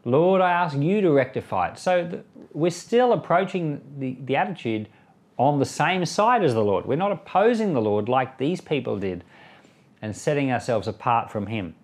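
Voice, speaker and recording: A man's voice: mid-range voice, lively intonation, normal speed. A pastor reading scripture and then giving conversational commentary, sometimes acting out the people he quotes. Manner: conversational, acts out quoted voices. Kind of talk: Bible reading with spoken commentary.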